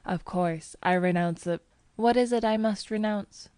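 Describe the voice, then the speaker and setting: A woman reading the soothing, humoring lines of a calm young man trying to settle his cousin. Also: fairly low pitch, measured pace, dry recording, close to an everyday voice.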